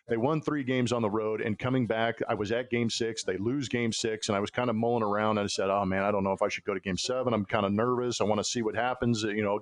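A male podcast host talks baseball in an easy, chatty way, with plenty of filler words along the way. His voice sits at a middle pitch. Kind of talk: casual sports podcast chat. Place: Houston.

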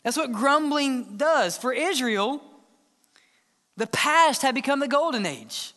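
A man preaching a sermon as the church's pastor, earnest, sometimes dropping to a hushed tone to press a point. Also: very high voice, animated, takes it slowly. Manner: earnest preaching, drops to hushed tones for emphasis. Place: church sanctuary. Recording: long church hall reverb.

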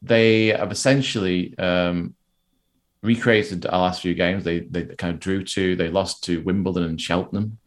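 A man's voice: sits low, fairly even intonation, unhurried. A man co-hosting a casual football podcast, chatty and self-deprecating, laughing often. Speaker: podcast co-host.

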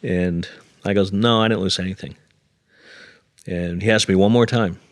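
A man's voice: low voice, fairly even intonation, moderate pace, no echo, clean studio sound. A middle-aged man, an interview guest, telling a personal story earnestly and with self-deprecating humor, acting out the dialogue. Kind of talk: conversational storytelling.

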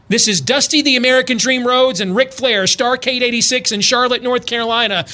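Male talk-radio co-host, bright tone, lively storyteller, emphatic. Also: high voice. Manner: animated storyteller, acts out quotes, builds to loud emphatic punches. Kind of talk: political talk radio monologue.

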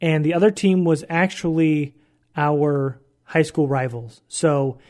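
A young man from San Diego hosting a solo sports podcast, telling stories in a chatty, animated way. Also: fairly high pitch, takes it slowly. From San Diego, USA. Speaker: podcast host.

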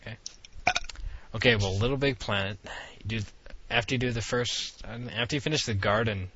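A man's voice: mid-range voice, a little fast, sharp tone, a little hiss or hum. A young man in casual chat, rambling in a laid-back way about video games, recorded on a muffled lo-fi setup. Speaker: gamer co-host.

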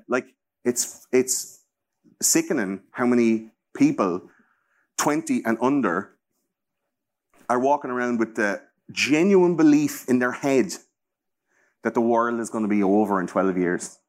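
A man's voice: medium pitch, unhurried, pauses often. An Irish man in his thirties talking casually as a podcast host, rambling and swearing freely. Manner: rambling, profane, animated. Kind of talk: casual chat.

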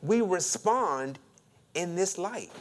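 A man preaching in a somewhat high, very animated voice that climbs and drops from phrase to phrase. He swings between loud, punchy emphasis and quiet asides. He acts out quoted questions with a rising inflection and calls on the congregation to respond. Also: slow. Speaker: pastor. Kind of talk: sermon.

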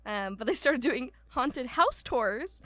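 A woman's voice: high-pitched, expressive, slow, a bit bright, no echo. A young woman co-hosting a podcast, telling a ghost story in a chatty way with lots of fillers and asides. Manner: chatty storyteller, many "um"s and asides, mock voices for quoted people. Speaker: podcast co-host. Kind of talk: casual chat about a haunted house.

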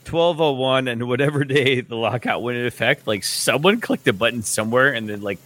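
Sarcastic sports talk guy who swears a lot, bright tense voice. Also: medium pitch, brisk, slight background noise. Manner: animated, profane, sarcastic storyteller. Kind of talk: casual sports chat.

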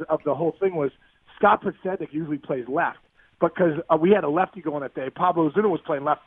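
A man telling a long sports story in a podcast interview, animated and tumbling over his words with restarts. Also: high voice, gravelly, dry recording. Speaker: guest, former baseball player. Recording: dry, phone-like line.

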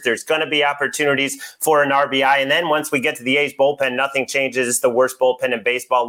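Bright, confident male stats analyst. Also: on the high side. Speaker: betting analyst. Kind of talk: sports betting picks rundown.

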